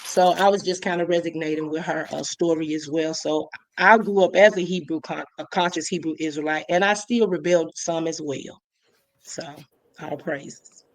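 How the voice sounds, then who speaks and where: A woman from Illinois giving a personal testimony, halting and often restarting. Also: low-pitched, steady tone. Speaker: guest.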